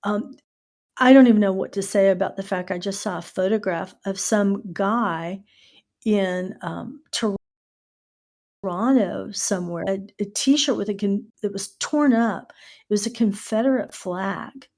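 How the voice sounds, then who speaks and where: A middle-aged American woman hosting a casual podcast, telling stories with lively asides and spelling out words letter by letter. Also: medium pitch, a little slow, gravelly. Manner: animated storyteller who spells out words letter by letter. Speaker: podcast host.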